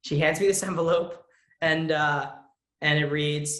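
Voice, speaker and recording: A teenage boy answering interview questions, earnest and lively, often acting out what others said to him. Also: fairly high pitch, unhurried, roomy sound. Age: teens. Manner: earnest, lively, acts out quotes with a raised voice. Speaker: young actor, interview guest.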